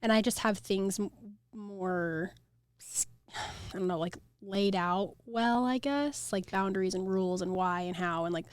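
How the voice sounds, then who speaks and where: A young American woman tells her story in loose, animated chat, words tumbling out with plenty of "like" fillers. The sound is dry and close, nothing of the room around her. Her voice sits in a middle range. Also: medium pitch, unhurried, clear, resonant tone, dry recording. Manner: chatty, lots of "like" fillers, animated retelling. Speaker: flower farm owner, podcast guest. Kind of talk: casual interview chat.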